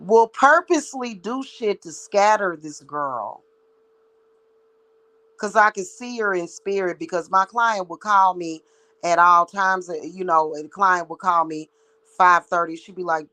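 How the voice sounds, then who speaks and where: A woman's voice: on the low side, measured pace, sharp tone, low-quality recording. Woman ranting bluntly with heavy profanity. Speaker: psychic reader and spiritual practitioner. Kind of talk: ranting vlog monologue.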